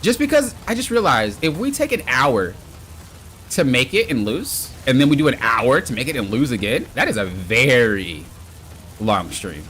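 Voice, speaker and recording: Excitable man streaming a game. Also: medium pitch, moderate pace, a little hiss or hum. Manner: excitable, exclamatory, trash-talking. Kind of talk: live gaming stream commentary.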